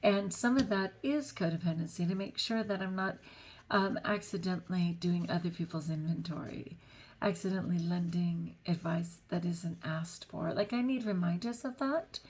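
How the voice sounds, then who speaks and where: This middle-aged vlogger talks at a normal speed in a low, somewhat mellow voice. Her faith-filled reflections come out chatty, earnest and self-deprecating, broken up by frequent laughs.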